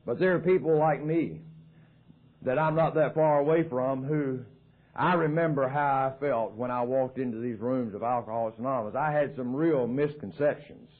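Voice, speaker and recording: Southern man, folksy joking AA speaker, mid-pitched voice, thin phone-like old tape recording. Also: normal speed. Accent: Southern American. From American South. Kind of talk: recovery talk at a meeting. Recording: tinny lo-fi 1990s tape.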